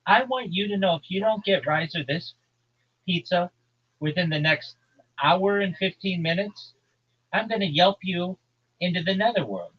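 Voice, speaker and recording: A man from New Jersey, hosting a livestream and ranting crudely in a loud, brash, profane comedic tone. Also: sits high, normal speed, breathy edge, lo-fi sound. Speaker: livestream host.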